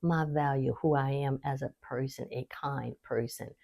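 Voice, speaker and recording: A woman's voice: moderate pace, gravelly. A woman hosting a faith-based wellness talk, speaking straight to her viewers in an encouraging, teaching way and laughing easily. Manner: warm encouraging teaching, lively pitch swings, laughs easily. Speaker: host.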